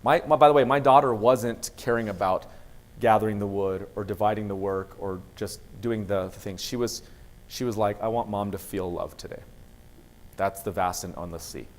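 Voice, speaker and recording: A man's voice: on the low side, moderate pace, a little hiss or hum. A man speaking as a university vice president of student affairs, giving a motivational talk to students and acting out dialogue as he tells stories. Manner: lively storyteller, acts out dialogue.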